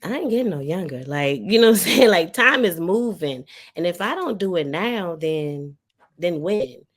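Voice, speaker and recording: Low raspy woman from Maryland. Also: expressive, moderate pace. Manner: reflective, talks through her story with many "like" fillers. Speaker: podcast guest. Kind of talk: casual podcast chat.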